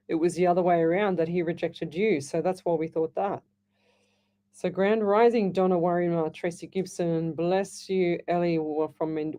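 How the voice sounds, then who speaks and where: Mellow-voiced Australian psychic radio host. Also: female voice, on the low side. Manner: chatty, laughs easily, reads messages aloud. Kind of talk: live radio call-in readings. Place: radio studio.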